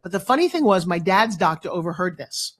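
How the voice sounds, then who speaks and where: Woman in her fifties, dramatic and animated motivational speaker sharing her story as a talk show guest. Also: fairly low pitch, a little fast. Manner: animated, dramatic storyteller who acts out quotes.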